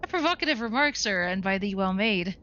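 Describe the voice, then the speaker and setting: A woman's voice: medium pitch, lively intonation, a little fast, pushed and bright, slight background noise. Pompous archaic landlord, played by a woman. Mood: stiffly formal. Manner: pompous, old-fashioned phrasing. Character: stiff formal landlord speaking archaic English. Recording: dull lo-fi sound.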